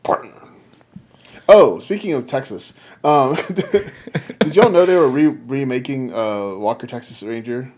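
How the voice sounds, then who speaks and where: A man's voice: medium pitch, unhurried, darkish tone. A man hosting a podcast, chatting casually with friends, often laughing and restarting his sentences. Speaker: podcast host. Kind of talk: casual chat.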